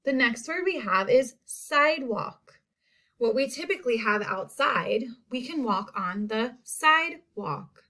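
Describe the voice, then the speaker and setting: A woman teacher leading a spelling lesson for children, repeating each word slowly and clearly. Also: fairly high pitch, lively intonation, pushed and bright. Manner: slow, drawn-out repetition of words. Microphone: home recording.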